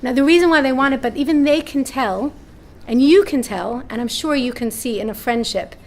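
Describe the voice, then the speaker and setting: High-pitched and a little fast, a woman animates her parenting seminar anecdotes with acted-out voices, frequently asking "right?" She's speaking live to an audience in a seminar room, with slight background noise behind her.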